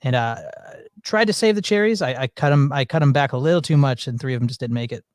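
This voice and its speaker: A man's voice: mid-range voice, fast, no echo, clean studio sound. A man hosting a casual chat, telling rambling stories with many fillers and restarts. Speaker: podcast host.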